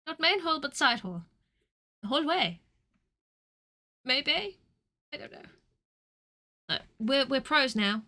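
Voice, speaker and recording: A woman streamer chatting casually over a game, self-mocking and prone to sudden loud shouting. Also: high voice, big pitch swings, slow pace, long pauses. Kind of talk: casual gameplay commentary. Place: home.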